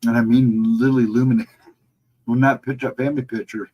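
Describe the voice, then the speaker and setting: Husky-voiced man chatting with stream viewers. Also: medium pitch, fast, poor audio. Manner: relaxed and reassuring, reads and answers chat. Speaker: livestream host. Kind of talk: casual livestream chat with viewers.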